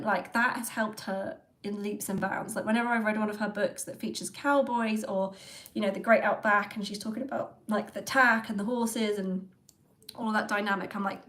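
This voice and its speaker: A woman's voice: mid-range voice, a bit bright. Lady rambling on her livestream, lots of ums, chatty. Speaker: livestream host. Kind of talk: casual chat about an author.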